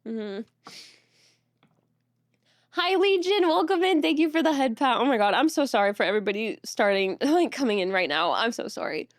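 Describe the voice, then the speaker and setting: A young woman streamer chatting casually with her viewers, teary and close to crying, talking softly with nervous laughs. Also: mid-range voice, lively intonation, fast, few pauses, no room sound. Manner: soft, thankful, breaking into nervous laughs. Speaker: streamer reading chat. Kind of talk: casual live-stream chat.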